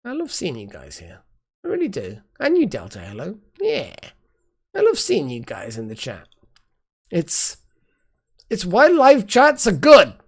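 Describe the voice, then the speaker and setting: A woman's voice: mid-range voice, wildly swooping pitch, unhurried, long pauses, husky. A woman hosting a live stream, rambling casually as she thanks her chat viewers one by one. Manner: trailing off with fillers and restarts. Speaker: livestream host.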